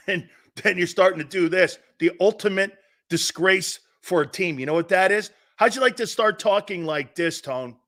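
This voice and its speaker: A man's voice: fairly high pitch, fairly bright tone. A man hosting a sports talk show, ranting in a sarcastic, mocking way. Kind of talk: opinionated sports talk rant.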